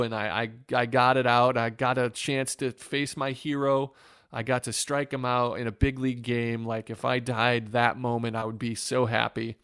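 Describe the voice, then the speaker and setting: A man from Northwest Ohio, a former pitcher, telling an earnest story in an interview with many restarts. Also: flat delivery, normal speed, creaky, smooth, no room sound, clean studio sound. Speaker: former pro pitcher, podcast guest.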